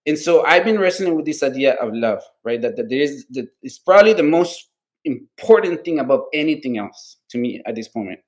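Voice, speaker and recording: A man co-hosts a casual political podcast, speaking a little fast in an expressive mid-range voice. He talks earnestly and at length, swearing heavily and tacking "right?" onto nearly every point. He's heartfelt and openly emotional about his values.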